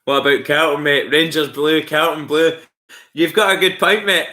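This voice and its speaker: A man's voice: a little high, fairly even intonation, normal speed, pushed and bright. A man hosting a casual live stream, chatty and rambling with lots of fillers. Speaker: livestream host.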